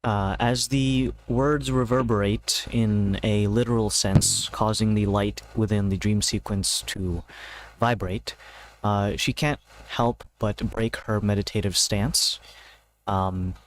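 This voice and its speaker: A man's voice: lowish voice, steady tone, slow pace, a little hiss or hum. A man narrating a homebrew tabletop game as game master, in a loose, hesitant way with many fillers. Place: home, seated in a gaming chair.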